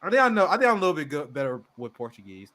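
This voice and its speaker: A man's voice: on the high side, wildly swooping pitch, rapid-fire, crowd noise. A man hosting a casual livestream, loose and chatty with lots of fillers. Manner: loose, chatty, self-deprecating, many fillers. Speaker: host.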